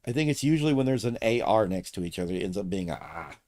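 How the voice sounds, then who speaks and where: A man's voice: on the low side, animated, fast, a little mellow, no room sound. A man hosting a livestream, talking in a blunt, opinionated and emphatic way in casual chat. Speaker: streamer host.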